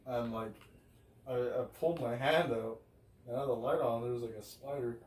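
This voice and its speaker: A man's voice: mid-range voice, fairly even intonation, moderate pace, a little mellow. A young man co-hosting a podcast, telling laid-back, slangy stories among friends. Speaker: podcast co-host. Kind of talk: casual chat among friends. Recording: roomy, distant mic with faint hiss.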